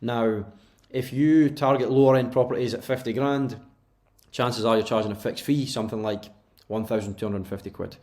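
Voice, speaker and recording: A man's voice: medium pitch, steady tone, normal speed, darkish tone. A Scottish man, co-host of a podcast, talking loosely and laughing easily over a remote call. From Scotland. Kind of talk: casual chat.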